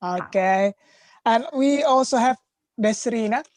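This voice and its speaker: A woman's voice: on the high side, takes it slowly, a little mellow. A woman hosting a live online class, upbeat as she introduces the facilitators one by one. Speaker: class host.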